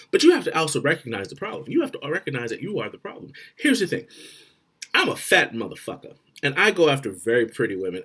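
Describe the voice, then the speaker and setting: Profane, animated husky man ranting. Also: mid-range voice. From Florida. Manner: profane, animated, swings loud and quiet. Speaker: vlogger. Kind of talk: blunt advice rant to camera.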